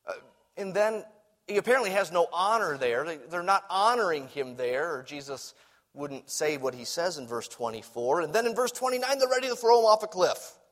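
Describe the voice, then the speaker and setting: High-voiced animated male preacher. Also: normal speed. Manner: animated, shifting between loud emphasis and quiet asides. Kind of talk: sermon.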